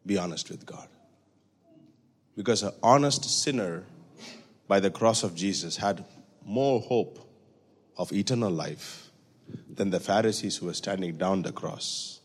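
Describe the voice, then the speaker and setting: A man preaching a sermon in a church, swinging from hushed, intimate passages to loud, high-pitched exhortation. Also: unhurried, pauses often, breathy edge. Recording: reverberant church hall.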